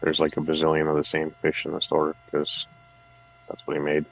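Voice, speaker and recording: A man's voice: a bass voice, completely flat delivery, a little fast, creaky, lo-fi sound. A man co-hosting a livestream, chatting casually and rambling in a laid-back way. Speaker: livestream co-host. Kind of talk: casual chat about fish tanks.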